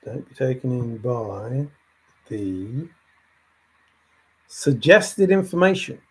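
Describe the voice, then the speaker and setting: A man's voice: medium pitch, sing-song, slow pace, a little mellow, slightly rough. A man hosting a livestream, thinking aloud in a rambling way and answering chat comments as they come in. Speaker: livestream host.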